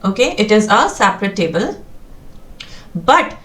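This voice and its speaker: A woman's voice: medium pitch, very animated, measured pace, fairly bright tone, reverberant. A woman, explaining a database lesson patiently and checking in with her listeners often. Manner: patient, checks in with "okay?" and "right?". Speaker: SQL course instructor.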